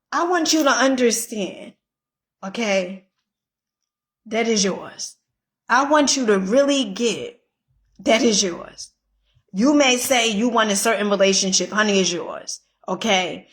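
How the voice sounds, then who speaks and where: A woman's voice: medium pitch, measured pace, pauses often. A woman giving a casual motivational pep talk, emphatic and repetitive, swearing freely and checking in with "okay?". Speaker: motivational vlogger.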